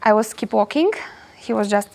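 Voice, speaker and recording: Gravelly-voiced woman telling a story. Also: mid-range voice, normal speed. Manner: animated, repeats words, frequent "you know". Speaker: guest. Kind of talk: casual storytelling in English. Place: hostel.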